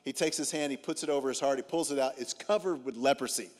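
A man's voice: medium pitch, quick pace. A man preaching a sermon as a guest speaker, telling stories with comic timing and acting out what people said. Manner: comic, animated storytelling with acted-out dialogue. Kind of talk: humorous sermon storytelling. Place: church auditorium. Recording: long reverb of a large hall.

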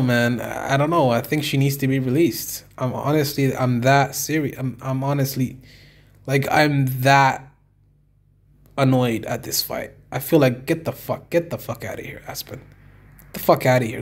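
A man giving an exasperated, profane review of a fight, swearing and repeating himself. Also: mid-range voice.

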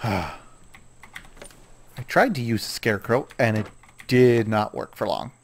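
A man's voice: lowish voice, expressive, a little slow. A man casually commenting on his own gameplay, chatting to himself and scolding the animals in the game.

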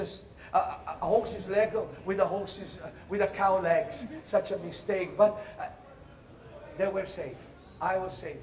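A man with an Italian accent performing a comic theatre monologue in English, storytelling animatedly with sudden shouted cries. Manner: animated storyteller, bursts into high shouted cries, laughs through lines. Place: theatre stage. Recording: roomy hall echo.

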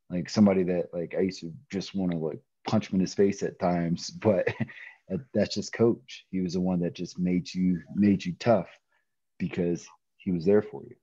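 A middle-aged man telling a personal story in a podcast interview, animated, often laughing and acting out quoted voices. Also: low-pitched, husky, dry recording, dull audio. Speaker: interview guest, pro wrestler.

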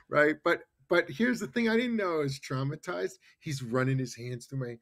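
A man in his fifties from New York, a podcast guest telling animated stories and often adding "right?" and "you know". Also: fairly high pitch, moderate pace, few pauses. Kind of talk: casual storytelling interview.

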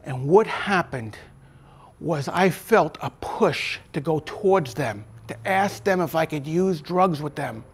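A middle-aged former corrections officer earnestly recounts his life story in an interview, acting out the voices of the people in it. His voice sits high with a breathy edge.

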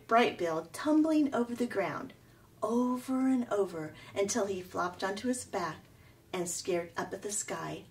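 A woman reading a children's chapter book aloud in an expressive, animated way. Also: mid-range voice, far from the mic, rough recording.

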